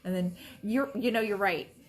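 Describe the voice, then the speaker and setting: A woman's voice: mid-range voice, normal speed. A woman teaching quilting in a casual demonstration, chatty and reassuring as she talks while she works at her sewing station. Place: sewing room, moving between workstations.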